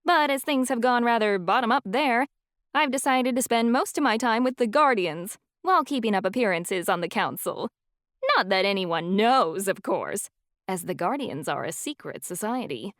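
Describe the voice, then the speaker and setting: A woman's voice: a little high, animated, normal speed, fairly bright tone, no room sound, clean studio sound, voice pushed up. A woman voicing a lilting, serene old professor. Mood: breezy. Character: serene elderly woman professor, cheerful and spiritual.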